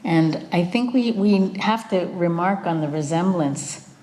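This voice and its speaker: Older woman speaker, low-pitched, earnest storytelling, faint room hiss behind. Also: mellow. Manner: earnest storytelling, unhurried, occasional fillers. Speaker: guest speaker, cellist. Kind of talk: remembrance talk with slides. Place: event venue.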